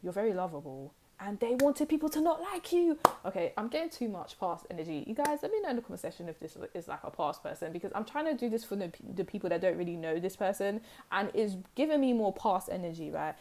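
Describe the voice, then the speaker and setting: Animated young woman reading tarot. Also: medium pitch, fast talker, few pauses, noisy background. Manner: animated, emphatic, repeats phrases for stress. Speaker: tarot reader. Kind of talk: pick-a-card tarot reading.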